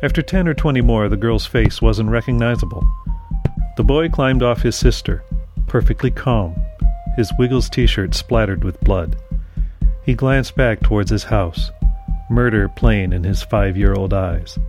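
A man reading a dark fiction story aloud in a measured, scripted narration. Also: fairly low pitch, over music.

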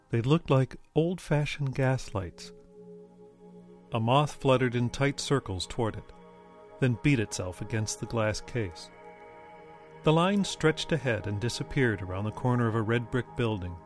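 Low-voiced male audiobook narrator.

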